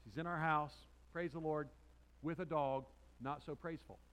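A man preaches to his congregation in a fairly high voice. He swings between loud, emphatic peaks and quiet, intense lines, and tells a personal story with restarts and asides. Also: fairly even intonation, moderate pace, poor audio. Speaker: pastor. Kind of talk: sermon. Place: church sanctuary before a congregation.

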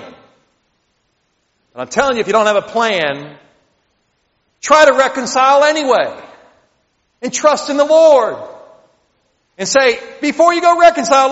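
A man preaching a sermon, reading scripture aloud and explaining it with animated emphasis that sometimes builds to near shouting. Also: sits high, a little slow, long pauses. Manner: animated, rising to near shouts at emotional peaks. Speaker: pastor. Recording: dull audio in a hall with long reverb.

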